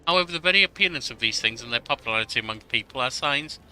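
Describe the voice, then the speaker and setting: A man's voice: mid-range voice, animated, rapid-fire, pushed and bright, clear, resonant tone. A man voicing a polite, formal court minister who reports to the ruler in a game. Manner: formal, deferential address.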